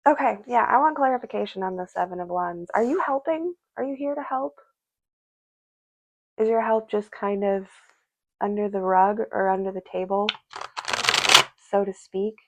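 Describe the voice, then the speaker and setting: A woman's voice: medium pitch, normal speed, pauses often, darkish tone, no room sound, highs cut off. A woman giving a casual spoken tarot reading, musing aloud and speaking directly to the spirits and to her viewers. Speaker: tarot reader.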